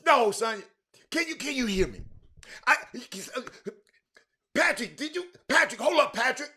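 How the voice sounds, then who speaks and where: A man hosting a sports talk stream with a Houston accent, loudly calling out viewers by name, repeating himself and talking over the chat. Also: very high voice, animated, moderate pace. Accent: Southern US, Houston. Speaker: sports talk show host. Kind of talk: animated live-stream sports talk, reading viewer comments.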